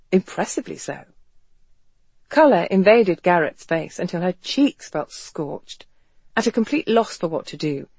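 An audiobook narrator reads a novel in a measured, expressive way. The voice sits in the middle range. The recording is close and dry, with no room sound. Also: medium pitch, breathy edge, no echo. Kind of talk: scripted narration.

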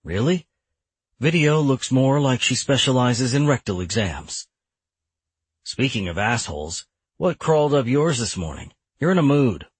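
A man voicing a smug opposing attorney, crude and needling in a husky voice. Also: medium pitch, sing-song, a little slow, no room sound, voice pushed up.

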